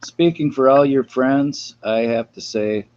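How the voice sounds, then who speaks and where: A man's voice: mid-range voice, unhurried, darkish tone. A mild, folksy man from Minnesota chatting easily with his co-hosts. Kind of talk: casual chat. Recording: dull lo-fi sound with faint hiss.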